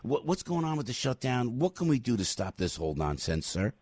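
A man with a New Jersey accent hosting a radio talk show, loud and pushy, repeating his points in a hard sell. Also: mid-range voice, big pitch swings, a little fast, husky, no room sound. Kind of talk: live ad read and interview. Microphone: studio mic.

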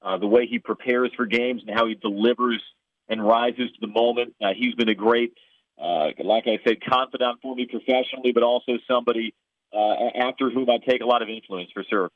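A man's voice: medium pitch, fairly even intonation, a little fast, dry recording. Chicago-accented man on a tinny phone line. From Chicago area. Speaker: play-by-play broadcaster. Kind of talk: podcast interview answers.

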